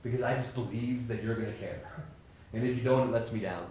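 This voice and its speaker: A middle-aged man giving an energetic, joking lecture to students, acting out the people in his stories. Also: medium pitch, quick pace. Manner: animated, joking, acts out quoted people. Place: lecture hall with audience. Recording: roomy hall sound, faint noise.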